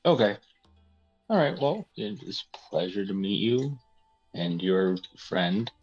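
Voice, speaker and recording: A laid-back man with a very low, husky voice plays his character in a tabletop game. He drops in easy slang, and the sound comes through dull and lo-fi. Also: lively intonation, slow pace, a little mellow, soft background music. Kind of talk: casual in-character play.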